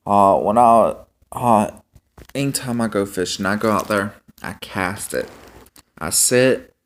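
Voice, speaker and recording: A young man vlogging in a casual, rambling monologue, halting with many ums and restarts. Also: lowish voice. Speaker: homestead vlogger.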